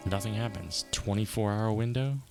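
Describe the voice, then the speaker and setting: A man's voice: on the low side, moderate pace, over music. A man streaming a live game playthrough, reading the on-screen text aloud with wry, chatty asides.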